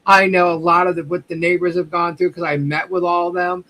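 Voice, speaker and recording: A man's voice: high voice, flat delivery, fairly quick, pushed and bright, rough recording. A male host in a casual livestream talk, speaking emphatically with profanity.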